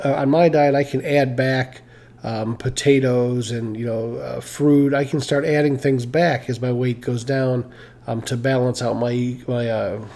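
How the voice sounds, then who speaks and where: A man talks loosely to his live-stream viewers in a gravelly, mellow voice. He rambles, restarts sentences and fills pauses with "uh" and "you know". He sounds tired and pokes fun at himself. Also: medium pitch. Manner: rambling, hesitant, many fillers and restarts; self-mocking, laughs at own stories.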